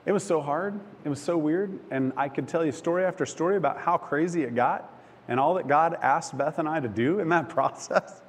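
A man preaching a sermon, telling a personal story with emotion, halting and restarting often. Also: on the high side. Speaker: pastor. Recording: long hall reverb, faint background noise.

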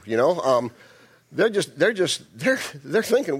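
A man's voice: on the high side, very animated, moderate pace, breathy edge. A male pastor giving a sermon, telling the story in a folksy, joking way with many restarts.

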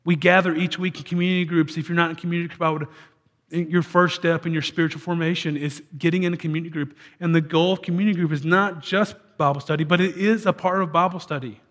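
A man's voice: on the high side, fairly even intonation, quick pace, a bit bright. A man preaching a sermon as a church pastor, talking in a conversational way with frequent restarts.

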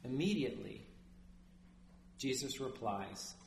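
A man preaching a sermon as a priest, lively and conversational, often asking his listeners "right?". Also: a little high, moderate pace, reverberant, a little hiss or hum.

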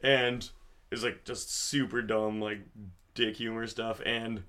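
A man's voice: fairly low pitch, little pitch movement, a little slow, sharp tone. A man co-hosting a podcast in casual chat, rambling through movie stories with lots of "like" and laughing at his own jokes. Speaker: podcast co-host.

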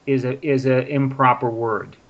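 A man's voice: medium pitch, steady tone, normal speed, dull audio. A man patiently explaining English grammar with example sentences in a casual spoken lesson. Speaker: English teacher. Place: in Prague.

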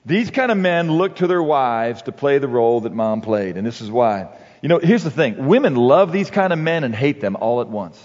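A man giving a sermon-like talk on marriage and parenting, conversational and halting, with frequent restarts and "you know.". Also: medium pitch, big pitch swings, darkish tone. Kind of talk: sermon-like talk with anecdotes and quotes. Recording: dull recording with long hall reverb.

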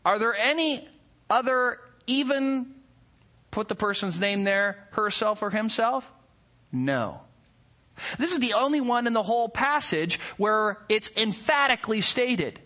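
A man's voice: high-pitched, lively intonation, unhurried, bright, forceful tone. A male pastor preaching a sermon that explains a text. He speaks emphatically, stresses key words and puts rhetorical questions to his listeners. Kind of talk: expository sermon.

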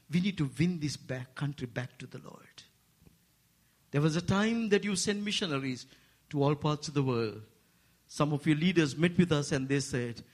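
Male preacher, Asian-accented English, husky, voice a touch high, climbs higher when stressing points, jokes with the crowd. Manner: rising to animated, high-pitched emphasis; playful asides with the congregation. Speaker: guest preacher. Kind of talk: sermon.

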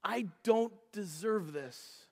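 A man putting on the voice of a big, tough former gang member who speaks low and humbly, in a reverberant church hall. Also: lively intonation, moderate pace, creaky, fairly bright tone, slightly rough, full character voice. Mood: humbled.

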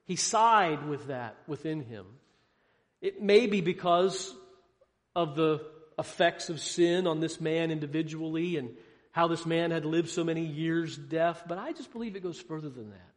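Male preacher, high register, dramatic questions and hushed drops, in a room with a long echo. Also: a little slow. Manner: asks rhetorical questions, swings between loud emphasis and hushed lows. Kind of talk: sermon. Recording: long hall reverb.

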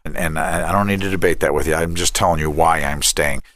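A middle-aged man with a very low voice talks in a relaxed interview about faith and raising children. He tells stories with energy and slips into the voices of the people he quotes. The sound is close and dry, with no room echo. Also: fast talker. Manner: animated storyteller who acts out quoted dialogue. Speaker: director of a family ministry and counselor.

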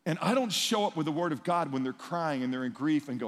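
Conversational preacher in a reverberant hall. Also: male voice, fairly high pitch, expressive, fast talker, few pauses. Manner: conversational, emphatic, swings between loud and hushed. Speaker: pastor. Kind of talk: sermon. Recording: long reverb in a large hall.

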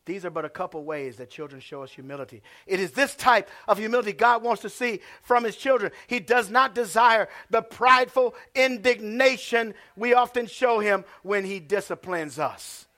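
A man preaching a sermon as pastor. He swings from hushed asides to shouted lines and calls out to the congregation. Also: high voice, normal speed, hardly any pauses.

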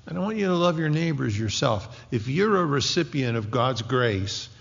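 Gravelly preacher man in a reverberant hall. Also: mid-range voice, normal speed. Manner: animated, jokey asides that drop to hushed, whispered intensity. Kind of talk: sermon. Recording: dull lo-fi recording with long hall reverb.

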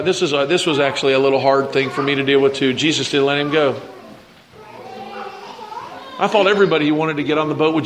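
A man's voice: fairly high pitch, a bit bright, a little hiss or hum. A man preaching a sermon to his church in a conversational way. He asks the congregation questions and acts out the voices of people he quotes. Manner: acts out quoted voices, repeats words when starting sentences. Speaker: pastor.

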